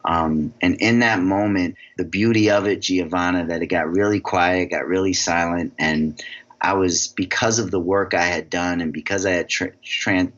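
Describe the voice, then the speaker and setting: A man from New York tells a story in a podcast interview, energetic and animated, doubling up words as he goes. His voice is bright and forceful, and the recording sounds a little dull and lo-fi. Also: low voice, normal speed. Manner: energetic, animated storyteller who repeats words when excited. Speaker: guest, success coach.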